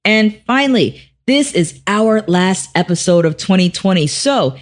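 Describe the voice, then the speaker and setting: A woman hosting a faith-based business podcast, upbeat and quick, laughing easily. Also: medium pitch, expressive. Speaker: podcast host. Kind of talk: podcast interview chat.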